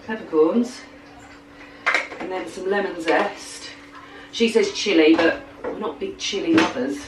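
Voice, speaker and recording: A woman's voice: fairly low pitch, measured pace, noisy background. A woman in her thirties chatting casually in a home vlog, rambling and giggly. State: slightly snotty with a cold. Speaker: vlogger. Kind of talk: casual chat. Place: home kitchen.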